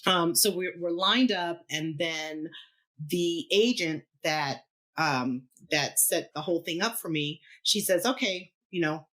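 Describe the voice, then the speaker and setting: A middle-aged woman, a keyboardist appearing as a podcast guest, speaks a little slowly in a fairly low voice. Telling a story in casual chat, she's animated, laughs often, and acts out what people said.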